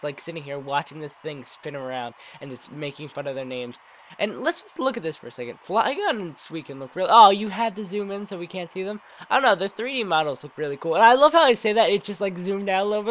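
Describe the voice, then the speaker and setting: A man's voice: high-pitched, fairly bright tone, highs cut off. A man with a sore throat giving chatty, rambling let's play commentary, restarting sentences and poking fun at himself.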